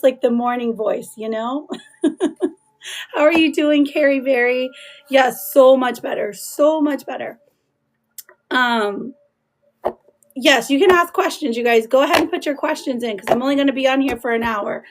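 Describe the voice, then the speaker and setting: A woman with a hoarse, laryngitis-worn voice, chatting casually with viewers as she hosts a live tarot reading. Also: high voice. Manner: chatty, greets viewers by name, laughs often. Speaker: tarot reader hosting a livestream. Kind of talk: casual livestream chat.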